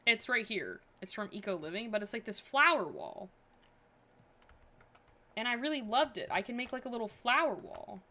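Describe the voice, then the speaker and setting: A woman's voice: fairly high pitch, animated, normal speed, bright, forceful tone. A woman streaming a building game, chatting casually and thinking aloud with many fillers. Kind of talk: casual livestream chat.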